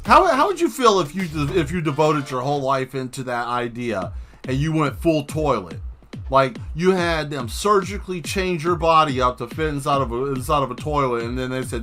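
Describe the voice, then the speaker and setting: A man's voice: fairly high pitch, lively intonation, moderate pace, a bit bright, soft background music. A man livestreaming while he draws, rambling through a joking rant and laughing at his own jokes. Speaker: livestreaming artist.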